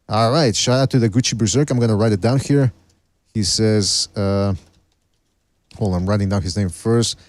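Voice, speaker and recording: A man's voice: mid-range voice, darkish tone, dry recording. A man hosting a casual call-in boxing show, often laughing and stumbling over his words. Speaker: podcast host taking calls.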